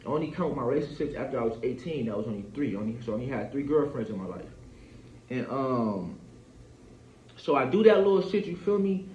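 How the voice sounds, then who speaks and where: A man's voice: medium pitch, lively intonation, fairly quick, darkish tone, slight background noise. A man in his thirties venting in a casual, rambling monologue. He swears freely and keeps checking in with his listener. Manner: rambling, profane, keeps asking "you feel me". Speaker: vlogger. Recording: echoey dull lo-fi room.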